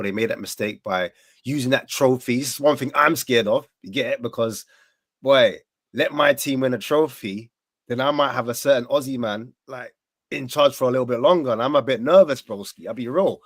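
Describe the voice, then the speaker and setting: A man talking football on a casual panel. He uses a lot of slang and acts out mock voices in lively bursts. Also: medium pitch, moderate pace, no room sound. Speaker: panelist, Tottenham fan.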